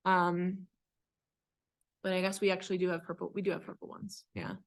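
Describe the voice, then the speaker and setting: A woman cantor teaching a class on Torah chanting, explaining patiently and then chanting phrases slowly as examples. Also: fairly low pitch, monotone. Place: synagogue class.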